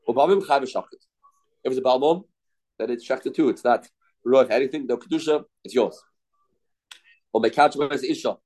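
A man's voice: medium pitch, darkish tone, poor audio. Man teaching Talmud in repeated phrases. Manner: explains in short repeated phrases, asks rhetorical questions. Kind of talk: daily Talmud class.

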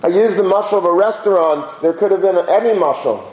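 A man's voice: sits high, fast talker, a little mellow. A man teaching a conversational religious lecture, telling stories in an informal, anecdotal way and dropping in Hebrew and Yiddish terms. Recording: roomy echo.

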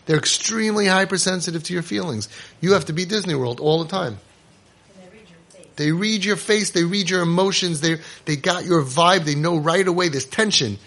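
A man's voice: high-pitched, a bit bright. Emphatic man coaching parents. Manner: emphatic and repetitive, with many restarts and quick asides; acts out short exchanges between parents and kids. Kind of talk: casual spoken lecture to parents.

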